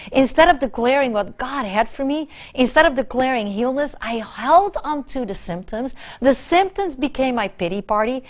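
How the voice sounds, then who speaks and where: Fervent high-voiced woman preaching. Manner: fervent, emphatic repetition, swings from soft to loud. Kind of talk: sermon.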